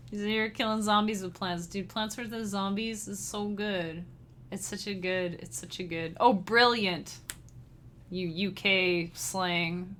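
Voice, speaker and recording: A woman's voice: mid-range voice, takes it slowly, fairly bright tone, a little hiss or hum. A woman chatting casually with her live-stream chat as a musician, bubbly and giggly, speaking straight to her viewers. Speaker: livestreamer and chiptune musician.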